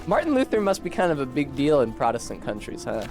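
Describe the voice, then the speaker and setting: A man's voice: mid-range voice, huge pitch swings, quick pace, music in the background. A talkative man with a Philadelphia-tinged accent, chatting casually and info-dumping while streaming a game, swearing now and then.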